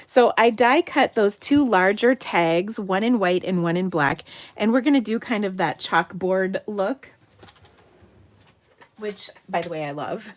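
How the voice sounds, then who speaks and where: A middle-aged woman from Minnesota hosting a live card-making demo, chatty and enthusiastic, dropping into soft muttered asides as she works. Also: medium pitch, lively intonation, measured pace, dry recording. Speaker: craft livestream host.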